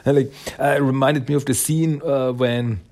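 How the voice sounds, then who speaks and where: A man's voice: medium pitch, steady tone, normal speed, darkish tone. A man casually recapping a comic book's story, rambling with many fillers and acting out the characters' lines. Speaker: comic book reviewer.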